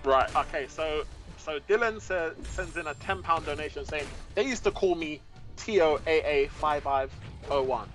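A man's voice: a little high, moderate pace, fairly bright tone, soft background music. A man co-hosting a game livestream, reading out donation messages and laughing often between them. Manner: giggly, reads messages aloud between laughs. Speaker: guest co-commentator reading donations. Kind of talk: casual livestream chat.

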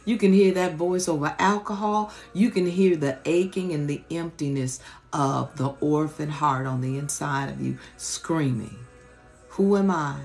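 A woman's voice: low voice, steady tone, normal speed, a little mellow, faint music behind. A woman preacher giving an impassioned, colloquial teaching sermon on a live stream, repeating rhetorical questions.

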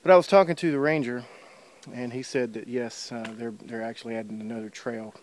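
A man's voice: mid-range voice, fairly even intonation, a little fast, a little mellow. A man filming himself while hiking outdoors on a wooded trail, talking casually with lots of uh and um, a little out of breath. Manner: rambling, many fillers like uh and um. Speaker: hiker filming his trip. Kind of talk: casual walking vlog. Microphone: handheld camera while walking.

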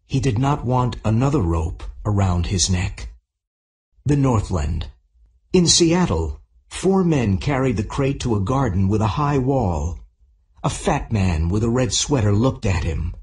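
A man narrating a simple audiobook for English learners, reading clearly and deliberately. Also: fairly low pitch, sing-song, darkish tone.

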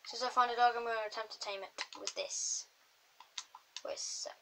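A woman chatting through her game and talking to the animals in it, with sudden excited outbursts. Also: a little high, moderate pace, noisy background. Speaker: gamer. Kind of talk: casual gameplay commentary.

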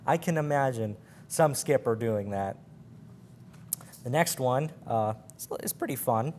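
A man's voice: mid-range voice, animated, a little slow, a little mellow, a little hiss or hum. Man reading sailor yarns, stumbling. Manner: stumbling, laughing at his slips. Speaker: library program presenter.

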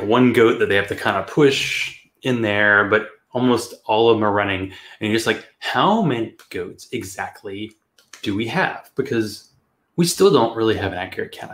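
Low-voiced man telling a rambling story. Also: echoey room. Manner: chatty, rambling, swears and laughs often. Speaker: podcast host. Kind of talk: casual storytelling monologue.

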